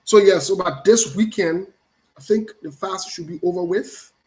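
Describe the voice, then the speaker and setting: A man, his voice sitting high for a man, hosts a loose live show and greets his viewers one by one. He teases them playfully and circles back over his own phrases. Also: normal speed, darkish tone, poor audio. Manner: playful, teasing, repeats phrases. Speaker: show host. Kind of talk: casual live-stream chat greeting viewers.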